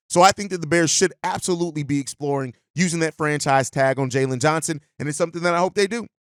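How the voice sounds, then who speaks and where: Fast-talking male sports podcast host. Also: on the high side, no echo, clean studio sound. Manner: conversational, persuasive.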